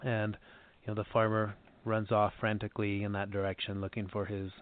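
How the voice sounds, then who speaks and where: Low-voiced man telling a teaching story, tinny. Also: a little fast. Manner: calm, steady storytelling with fillers. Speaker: lay minister. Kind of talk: sermon storytelling. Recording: tinny phone-like band, dry.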